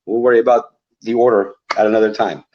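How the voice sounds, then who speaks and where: A man's voice: lowish voice, fairly even intonation, quick pace. Upbeat male referee on lo-fi audio. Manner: upbeat, announcer-like when giving event details. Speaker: wrestling referee guest. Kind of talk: casual interview.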